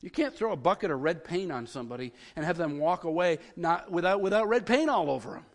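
Male pastor, sermon delivery, high voice, excitable, stumbles over repeats, long hall reverb. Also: fast. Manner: excitable, repeats words when worked up.

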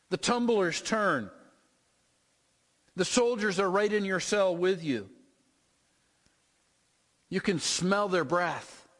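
A male preacher with a high voice delivers a sermon. He draws listeners into a scene with repeated "you can hear" build-ups. His voice rings with the long reverb of a large hall. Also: fairly bright tone. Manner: vivid second-person storytelling, repetitive build-ups.

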